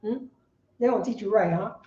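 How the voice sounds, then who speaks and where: A woman preaching on the street, firing rhetorical questions and bursting into shouts. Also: medium pitch, a little fast, reverberant, highs cut off.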